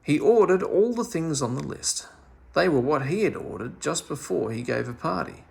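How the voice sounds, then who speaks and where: A man reading a children's story aloud with animated, expressive storytelling. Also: on the high side, moderate pace, gravelly, husky. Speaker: storybook reader.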